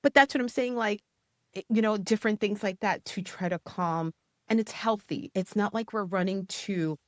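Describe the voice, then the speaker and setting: A woman in her forties co-hosting a podcast, telling stories in a lively, casual way, full of "you know" and "like.". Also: mid-range voice, moderate pace, no room sound, clean studio sound. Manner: animated storytelling, many "you know" and "like" fillers. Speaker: podcast co-host. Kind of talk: casual conversational interview.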